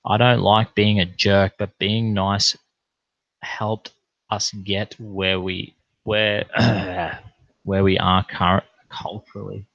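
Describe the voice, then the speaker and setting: Profane Australian man, gravelly low voice. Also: level tone, slow pace, a bit bright, dry recording, highs cut off. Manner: profane, blunt, ranting. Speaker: online streamer. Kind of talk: casual rambling monologue.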